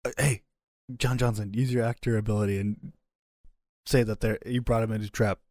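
A man playing a tabletop game, his voice on the low side. He speaks plainly and eagerly. The recording is dry and close. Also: steady tone, a little fast, darkish tone, no room sound. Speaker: player. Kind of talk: casual tabletop game chat.

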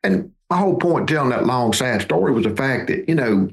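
Gravelly man in his fifties. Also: medium pitch, lively intonation, fairly quick, hardly any pauses. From Mississippi, USA. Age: 50s. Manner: folksy, repeats words as he restarts. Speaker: podcast guest, duck hunting outfitter. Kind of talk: conversational storytelling.

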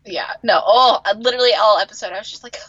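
A woman's voice: quick pace, husky, no echo, dull audio. A woman co-hosting a podcast in casual chat, exasperated and swearing as she reacts. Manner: exasperated, swears, lively pitch swings. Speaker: podcast co-host. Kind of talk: casual chat recapping a TV episode.

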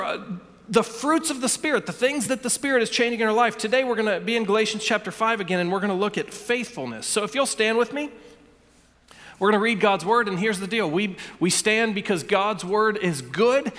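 A man's voice: sits high, fairly quick, fairly bright tone, big-room sound. A man preaching a sermon as pastor, earnest, often repeating a word as he starts a phrase. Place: church sanctuary.

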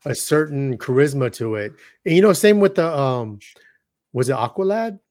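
A man co-hosting a casual podcast, excitable and full of slang, who jumps into little acted-out bits as he talks. His voice sits at an ordinary middle pitch. The sound is dry and close. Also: normal speed, no room sound. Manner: animated, excitable, acts out scenes with slang. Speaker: podcast co-host. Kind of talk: casual chat.

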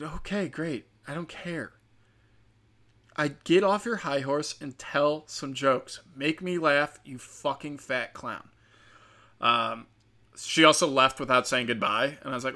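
A man's voice: mid-range voice, moderate pace, sharp tone. A young man who does stand-up, telling stories in a blunt, profane, mocking way, full of "like" and "um.". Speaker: stand-up comic. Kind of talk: casual storytelling rant.

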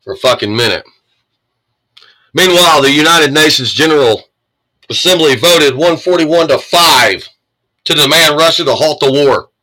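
An American man rants about politics as he reads the news, angry, sarcastic, and swearing throughout. He speaks at normal speed with frequent pauses, his slightly high voice bright and forceful, and the recording is rough.

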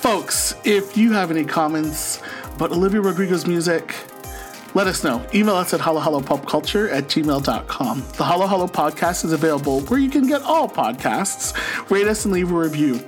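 A man's voice: on the high side, expressive, fairly quick, soft background music. A man in his forties, co-hosting a casual podcast. He tells family stories and acts out the people in them by raising his voice. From Canada. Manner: storytelling, quotes people in raised voices. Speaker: podcast co-host.

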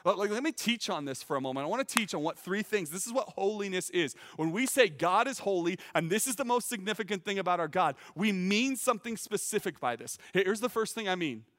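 A man preaching a sermon in an earnest, emphatic way, often repeating words as he starts a phrase. His voice sits a little high for a man. A long hall reverb trails behind him. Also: expressive, a little fast, hardly any pauses, fairly bright tone. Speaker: teaching pastor.

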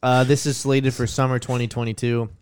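A man's voice: mid-range voice, little pitch movement, brisk, slight background noise. A man hosting a casual podcast chat, blunt and profane as he runs through the topics. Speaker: podcast host.

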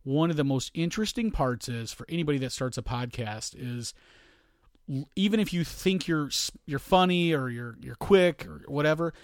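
A man's voice: a little high, moderate pace, no echo. Rambling storyteller man, dry close sound. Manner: rambling, storytelling with quoted asides. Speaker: podcast co-host. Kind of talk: casual chat.

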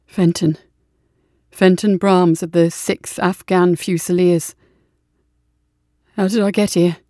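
A woman's voice: on the low side, steady tone, takes it slowly, warm tone, no room sound, studio quality. A woman reading a storybook, voicing a wounded male soldier who is confused and alarmed, asking urgent, bewildered questions.

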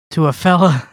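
A man with a slightly higher voice than most men, telling a movie plot as a joking podcast rant. He is sarcastic and profane, and he acts out scenes with animated energy. The recording is dry and close, with no room sound. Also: dry recording. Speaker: podcast co-host reviewing films. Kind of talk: casual comedic movie recap.

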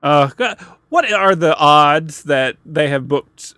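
A man's voice: on the high side, expressive, takes it slowly, bright, forceful tone, no room sound. A man co-hosting a comedy podcast, teasing his partner and laughing easily. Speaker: podcast co-host. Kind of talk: casual comedic banter.

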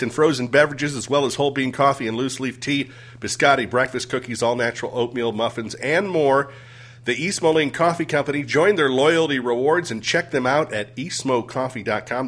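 A man co-hosting a podcast, reading sponsor spots in a brisk, matter-of-fact way. His voice sits at an everyday middle pitch. He moves between the ad copy and dry asides. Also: a bit bright. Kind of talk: casual podcast banter and live-read ads.

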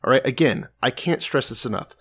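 A man's voice: medium pitch, fairly quick, fairly bright tone, breathy edge. A man co-hosting a casual chat, retelling a story in a laid-back, profane way. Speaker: podcast co-host.

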